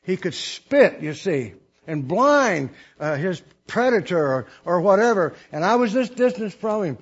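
Older male preacher, husky higher voice, folksy storytelling sermon, dull lo-fi sound. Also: big pitch swings, a little slow. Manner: folksy, rambling with restarts and laughs. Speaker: missionary preacher.

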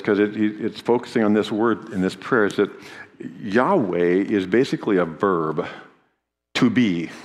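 A man's voice: on the low side, long reverb tail. A man preaching a sermon in an earnest teaching manner, his voice rising in volume on key phrases.

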